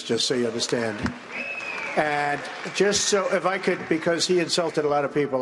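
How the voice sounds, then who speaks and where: This presidential debate candidate, an older man, has a slightly high voice and responds with blunt, emphatic lines that repeat themselves. There's a bit of hiss or hum on the broadcast, which was captured in a big echoing hall full of spectators.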